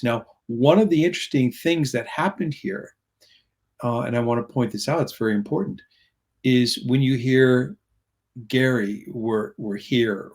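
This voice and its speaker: A man's voice: medium pitch, darkish tone. Middle-aged male guest, earnest storyteller, drifts off topic, voices other people in his anecdotes. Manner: earnest, rambling, quotes voices in stories. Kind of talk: conversational storytelling.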